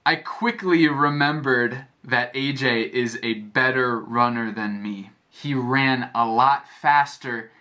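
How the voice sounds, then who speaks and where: An American man teaching a lesson as a story, speaking clearly and repeating phrases to explain them. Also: mid-range voice, slow pace, few pauses, sharp tone. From United States. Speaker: English teacher. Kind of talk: slow storytelling lesson for learners.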